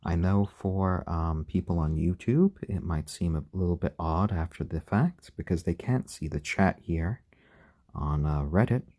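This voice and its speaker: A man hosting a casual live stream at home, gently chatting to viewers and talking softly and fondly to his baby chickens. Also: sits low, unhurried.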